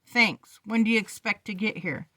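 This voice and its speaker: A woman reading a novel aloud and voicing a volatile, unhinged teenage boy who rants and shouts scornfully. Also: mid-range voice, moderate pace, no room sound, close to an everyday voice. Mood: ranting.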